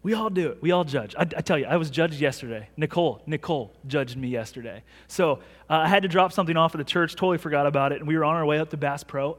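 In a big church sanctuary full of long hall reverb, a man in his thirties gives a sermon at a quick pace with hardly any pauses. His voice is on the high side, and as pastor he tells stories in a chatty way, poking fun at himself.

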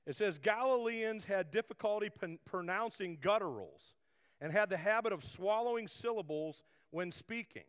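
A man's voice: high voice, fairly bright tone. A man preaching a conversational sermon, rambling with frequent restarts and asides. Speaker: pastor. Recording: long hall reverb.

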